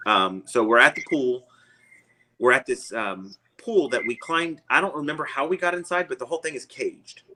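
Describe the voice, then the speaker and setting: Guy rambling through a wild story, bright tone, laughs a lot. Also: mid-range voice, moderate pace, a little hiss or hum, poor audio. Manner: rambling, chuckles often. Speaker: guest. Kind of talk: casual storytelling.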